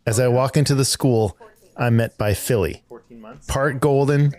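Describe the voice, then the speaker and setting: A man's voice: medium pitch, darkish tone. Earnest male podcast host narrating. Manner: measured and earnest. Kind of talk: scripted narration.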